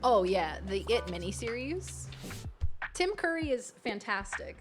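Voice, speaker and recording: A woman's voice: fairly high pitch, big pitch swings, measured pace, over loud music. A woman streaming a game, chatting casually with viewers and reading the game's text aloud.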